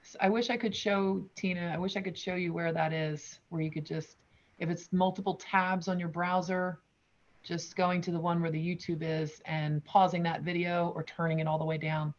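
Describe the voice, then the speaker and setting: A woman's voice: on the low side, little pitch movement, normal speed. Chatty woman hosting a video call. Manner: apologetic, chatty, laughs often. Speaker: host of an online round table. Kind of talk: casual video-call chat. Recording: dull lo-fi video-call audio.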